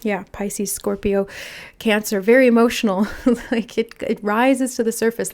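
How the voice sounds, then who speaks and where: Woman doing a tarot reading, soft and musing, kinda thinking out loud as she channels. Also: medium pitch, fairly even intonation, takes it slowly. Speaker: tarot reader. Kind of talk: intuitive spiritual reading.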